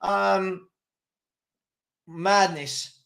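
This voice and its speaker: A man hosting a live football watchalong, commentating excitably and exasperatedly and often laughing. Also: high voice, drawn-out words, gravelly. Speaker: fan channel host.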